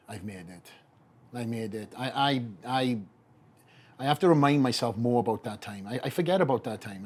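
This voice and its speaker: A middle-aged man with a Welsh accent, a bodybuilder telling his story as a podcast guest, acting out the voices of people he quotes. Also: mid-range voice. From Wales. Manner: animated storyteller who acts out quoted voices.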